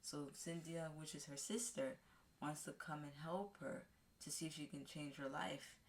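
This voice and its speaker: Low-voiced woman rambling through a movie recap. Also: a little hiss or hum. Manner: rambling, with halting restarts and fillers; acts out characters' lines in a raised voice. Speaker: vlogger reviewing a movie. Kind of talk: casual movie recap to camera.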